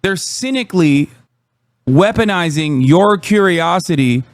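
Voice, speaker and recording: A man's voice: sits high, animated, a little slow, no echo. A man live-streaming, ranting about chat trolls in heated, profane, sarcastic commentary.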